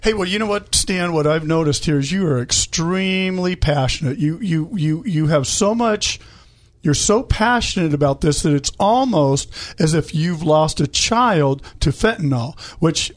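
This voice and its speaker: A male talk radio host reacts to his guest in a rambling way, often repeating words. His voice sits slightly high. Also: expressive, measured pace. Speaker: show host.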